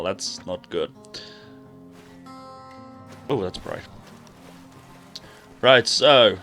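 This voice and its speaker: A rambling man with a low voice, hoarse from a sore throat, talks casually to his viewers while he plays. Music runs clearly underneath. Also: sharp tone. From England. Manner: chatty, rambling, talks to chat while playing. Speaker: game streamer. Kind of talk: casual live-stream gaming commentary. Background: background music.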